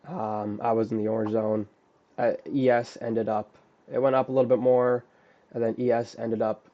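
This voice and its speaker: A man's voice: fairly low pitch, mellow. A man recapping a trade he closed too early, talking in a casual, profane, self-critical way. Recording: dull lo-fi audio.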